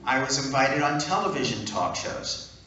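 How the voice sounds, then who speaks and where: A man speaking at a fan event, telling an animated, punchy anecdote to a crowd. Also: medium pitch, moderate pace, dull audio, slight background noise. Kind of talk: storytelling talk. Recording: echoey hall from far off.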